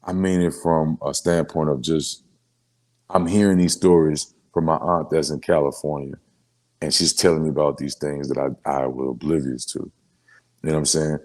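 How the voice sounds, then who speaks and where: A rapper from New Orleans, Louisiana in a casual sit-down interview, telling emotional stories in street slang and filler phrases. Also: male voice, very deep voice, fairly even intonation, normal speed, a little mellow.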